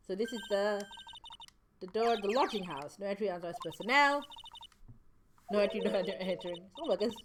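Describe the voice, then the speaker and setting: A woman's voice: medium pitch, brisk, pauses often, noisy background. A woman streaming a video game, giggling and commenting as she reads along. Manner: giggly, animated.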